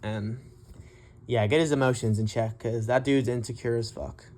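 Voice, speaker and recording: Guy ranting about a fight, swears a lot, mocking and blunt, average pitch. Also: steady tone, normal speed, a little mellow. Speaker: MMA commentary vlogger. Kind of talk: casual ranting commentary.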